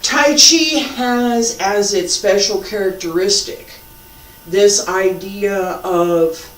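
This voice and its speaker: A martial arts teacher giving a live lesson and demonstrating moves, patient and repetitive, joking at his own expense. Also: mid-range voice. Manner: slow, patient, repeats key points, self-deprecating humor. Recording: echoey room, mic far off.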